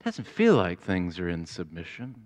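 A man preaching a sermon as pastor, deliberate, building to fervent exclamations. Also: sits low, huge pitch swings, a little mellow.

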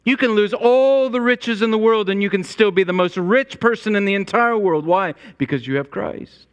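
A man preaching a sermon as pastor, climbing to emphatic high peaks and then dropping low and quiet. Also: normal speed, clear, resonant tone. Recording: long reverb of a large hall.

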